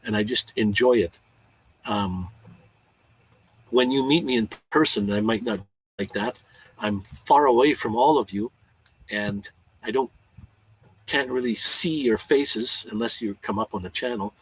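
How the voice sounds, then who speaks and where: A man's voice: mid-range voice, unhurried, long pauses, breathy edge, poor audio. A man hosting a casual live-stream chat, talking in a rambling, heartfelt way with frequent restarts and stammers.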